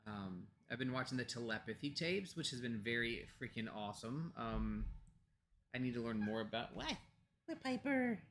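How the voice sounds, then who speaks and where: Bright-voiced American man, rambling chat. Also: mid-range voice, normal speed. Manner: rambling, with many fillers and restarts; talks softly to pets off to the side. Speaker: co-host of a pagan discussion show. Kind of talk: casual chat.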